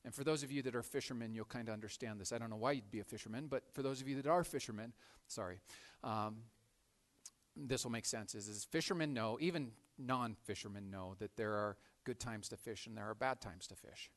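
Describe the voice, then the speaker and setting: A man preaching a sermon, telling a story with animated swings from loud to hushed and frequent repeated words. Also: mid-range voice, a little fast. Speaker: pastor.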